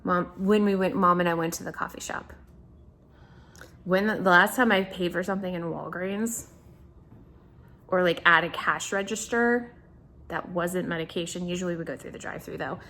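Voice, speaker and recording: A woman's voice: fairly low pitch, steady tone, normal speed, vocal fry, pauses often, sharp tone. A woman talking casually in a video diary, chatty and rambling, often restarting her sentences and talking to her dog. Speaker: vlogger.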